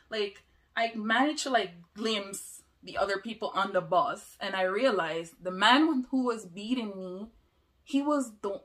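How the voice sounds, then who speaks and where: A young woman telling a personal story in an emotional, halting way. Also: mid-range voice, a bit bright. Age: young adult.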